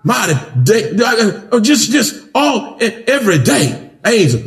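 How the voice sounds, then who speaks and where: A man preaching a sermon as pastor in a church, with rising rhythmic emphasis that builds to shouts. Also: sits high, sing-song, unhurried, vocal fry. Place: church sanctuary.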